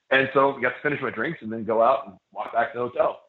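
A wrestler appearing on a casual podcast rambles through a long story full of fillers and restarts. He talks fast in a mid-range voice. The sound is echoey and lo-fi, like a phone.

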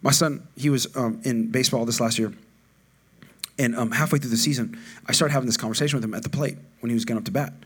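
A middle-aged man preaching a sermon, chatty and informal, rising to loud call-and-response with the congregation. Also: mid-range voice, steady tone, fast, slightly rough. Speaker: pastor.

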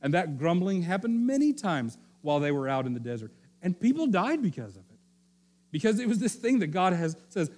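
A male pastor giving a sermon, telling the story with animated, repeated phrases and frequent restarts. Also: high-pitched, fairly quick.

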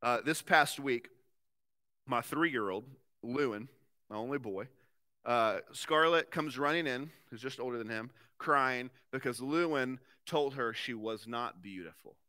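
A man in his thirties, a pastor preaching a sermon with earnest conviction, swinging between forceful emphasis and very soft, quiet passages. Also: mid-range voice, a little slow.

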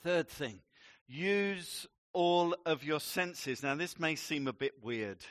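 A man preaching a sermon as a pastor, teaching in a slow, emphatic way with playful asides. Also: fairly high pitch, lively intonation, a bit bright, no echo, studio quality.

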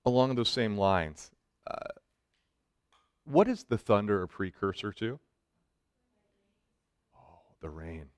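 A man preaching a sermon to students, swinging between loud emphatic lines and soft hushed ones, with joking asides. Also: lowish voice, lively intonation, slow pace, long pauses, smooth, no room sound, clean studio sound. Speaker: pastor speaking to students.

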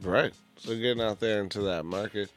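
A man's voice: on the low side, a little fast, soft background music. A man hosting a radio interview show, casual and rambling, joking and laughing often.

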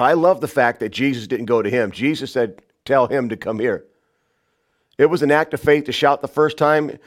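A pastor preaching a sermon, shouting some lines and dropping to a hushed voice on others. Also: male voice. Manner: dynamic preaching, swings from loud shouts to hushed low lines.

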